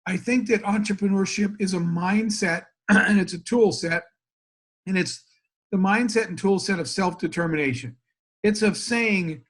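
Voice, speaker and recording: A man from the United States telling a story as an interview guest, acting out both sides of the dialogue with lively energy. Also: sits high, moderate pace.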